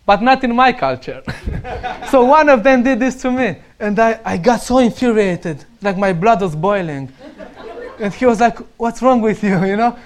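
A man's voice: sits high, animated, moderate pace. A young man from Romania with a Romanian accent, telling casual stories and laughing often as he talks. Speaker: speaker sharing stories. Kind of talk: casual storytelling.

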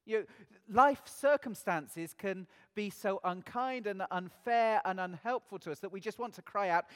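A man's voice: high voice, normal speed, few pauses, fairly bright tone, in a large hall. A man preaching a sermon in an earnest way, asking his listeners many rhetorical questions.

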